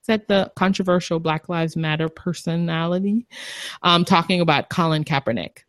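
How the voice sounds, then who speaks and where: A woman's voice: fairly low pitch, moderate pace, fairly bright tone, no room sound. A young woman co-hosting a podcast in casual chat, rambling and laughing easily. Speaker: podcast co-host.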